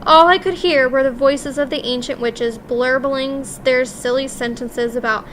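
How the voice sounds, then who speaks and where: A woman narrating a children's story in the first person, in a lively, expressive way. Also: sits high, unhurried, few pauses, a little hiss or hum. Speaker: audiobook reader.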